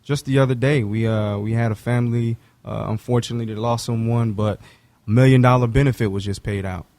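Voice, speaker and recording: A man's voice: medium pitch, fairly even intonation, brisk, a little mellow, no room sound. A man as a financial advisor guest, explaining things in a plain, matter-of-fact way. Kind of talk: casual explanation.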